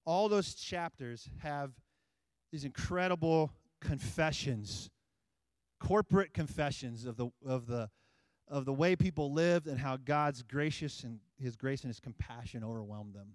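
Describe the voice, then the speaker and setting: Pastor guy with a high voice, chatty sermon that builds to loud scripture reading, dry close sound. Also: clean tone, no echo. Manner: conversational preaching, rising to emphatic scripture reading. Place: church sanctuary.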